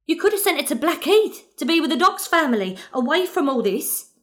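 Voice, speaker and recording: A fond, grieving working-class mother with a Cockney accent, played by a woman in a radio play. Her voice sits a little high, and she rambles in an earnest, apologetic way. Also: big pitch swings, a little fast, a bit bright. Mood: apologetic pleading. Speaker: actor in an audio drama.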